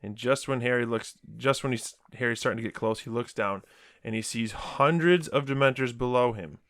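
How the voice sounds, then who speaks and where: Male host, mid-range voice, relaxed recapper, laughs easily, dry close mic. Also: medium pitch, normal speed, no echo. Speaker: podcast host. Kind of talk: casual chat, recapping a book.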